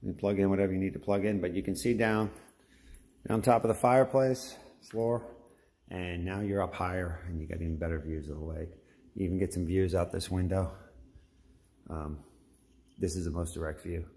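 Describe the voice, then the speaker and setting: A man's voice: low-pitched, fairly even intonation, moderate pace, darkish tone. A middle-aged man, a home builder, giving a folksy, enthusiastic walkthrough tour of a house and pointing things out as he goes. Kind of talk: casual walkthrough narration.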